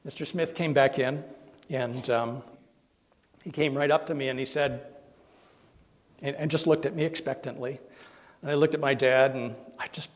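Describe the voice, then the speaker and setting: A man's voice: mid-range voice, fairly even intonation, normal speed, long pauses. Guy minister preaching, telling a heartfelt story, lots of hall echo. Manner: earnest, emotional storytelling with soft quoted voices. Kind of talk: sermon storytelling. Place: church sanctuary. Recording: long hall reverb.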